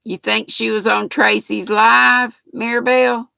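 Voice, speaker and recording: A woman's voice: on the high side, little pitch movement, slow, creaky, sharp tone, no room sound. An older woman with a North Carolina Southern accent, chatting folksily and laughing as she hosts a live stream and reads out viewer comments. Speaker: livestream host. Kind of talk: casual live chat reading viewer comments.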